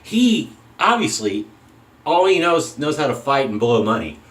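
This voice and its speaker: A man's voice: mid-range voice, sing-song, unhurried, fairly bright tone, poor audio. A man hosting a shaving channel, rambling through an opinionated casual monologue and often cutting himself off mid-sentence. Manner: opinionated, rambling, self-interrupting.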